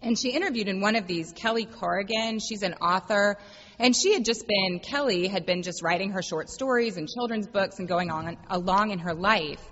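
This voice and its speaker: A woman pastor delivering a reflective sermon, telling a story gently and slowing down for quiet, emphatic refrains. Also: mid-range voice, a little hiss or hum. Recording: dull lo-fi sound with long hall reverb.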